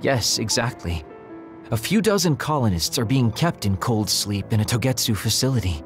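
A man's voice: mid-range voice, expressive, normal speed, close to an everyday voice. Guy doing sly teasing game dude, voice swings up and down a lot, music under it. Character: sly male moon colonist, evasive and teasing. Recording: game audio with music behind.

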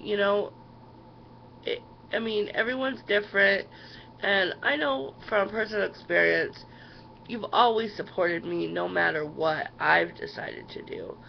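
A woman's voice: lowish voice, gravelly, dull audio, a little hiss or hum. A woman in her thirties records a heated video response at home, swearing often and leaning on "you know" and "um". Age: 30s. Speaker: vlogger. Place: at home, sitting.

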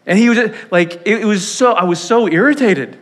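A high-pitched man preaching a sermon in a church sanctuary. He tells stories with lively, animated delivery and jumps into quoted voices along the way. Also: a little fast. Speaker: pastor.

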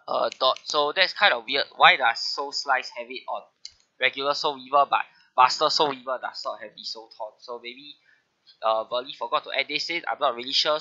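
A man's voice: medium pitch, bright, forceful tone, muffled recording. A man hosting a casual gaming video, sick with a bad flu, his voice nasal, talking through update notes with frequent "uh" fillers. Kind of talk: casual game update commentary.

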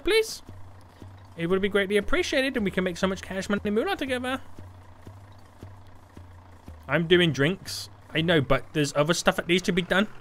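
A young man giving excitable, jokey commentary over gameplay, talking to chat and teammates. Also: sits high. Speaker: gaming YouTuber. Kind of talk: energetic Roblox gameplay commentary.

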